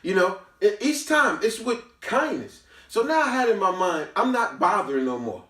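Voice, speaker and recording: A man's voice: high-pitched, very animated, moderate pace, a bit bright. A man hosting a book review who tells a story casually, with emphatic, preachy asides to his listeners. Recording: roomy, from a distance.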